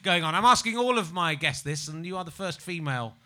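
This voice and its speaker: A man's voice: fairly high pitch, lively intonation, fast, bright, forceful tone. A man hosting a live comedy show, chatting with a guest in a joking, rambling way and laughing often. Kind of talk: live stage chat with a guest.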